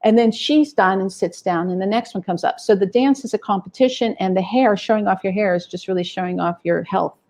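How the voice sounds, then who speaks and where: A middle-aged woman, a music scholar being interviewed, telling lively stories and acting out the people she quotes. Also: mid-range voice, brisk, hardly any pauses. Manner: animated, acts out quoted people.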